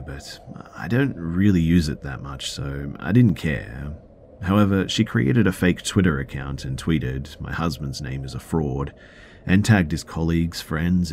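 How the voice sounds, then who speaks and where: A man hosting a podcast, reading a listener's first-person story aloud in a measured storytelling way with the odd filler. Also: a bass voice, a little mellow, a little hiss or hum. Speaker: podcast host.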